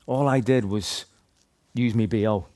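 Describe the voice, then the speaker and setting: A man's voice: fairly low pitch, measured pace, mellow. Northern Irish man telling a story. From Northern Ireland. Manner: chatty, rambling, lots of restarts and "like". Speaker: speaker sharing a testimony. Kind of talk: personal storytelling to a group.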